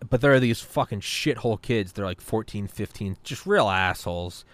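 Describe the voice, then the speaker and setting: A man in his thirties hosting a podcast, telling stories in an animated, casual way, swearing freely and repeating words. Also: on the low side, normal speed, no echo. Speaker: podcast host. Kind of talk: casual storytelling chat.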